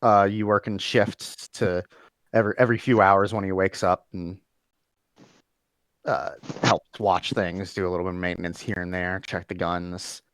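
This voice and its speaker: A man running a tabletop game as game master, narrating casually with halting restarts. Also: low voice, little pitch movement, fairly bright tone, no echo. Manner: casual, halting, many fillers.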